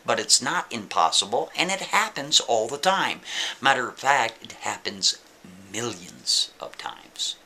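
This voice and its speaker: A man telling a story in a lively, emphatic, casual way, talking straight to the listener. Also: medium pitch.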